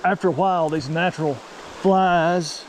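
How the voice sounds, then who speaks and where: A young man, vlogging casually and excitably while fly fishing by a mountain creek. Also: high-pitched, moderate pace, slight background noise. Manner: excitable, folksy exclamations. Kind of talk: casual outdoor vlog narration.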